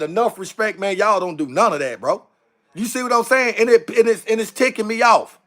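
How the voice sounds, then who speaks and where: Fired-up high-voiced man ranting on a livestream. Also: brisk, a bit bright. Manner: heated, repetitive, addresses viewers as bro. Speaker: livestream host. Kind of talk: impassioned livestream rant.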